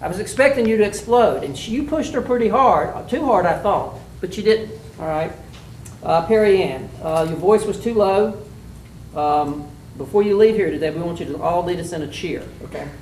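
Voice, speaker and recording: A man's voice: high voice, normal speed, a little mellow, a little hiss or hum. A man acting as a mock trial judge, giving plainspoken spoken critiques to students with many fillers, recorded from far off in an echoey room.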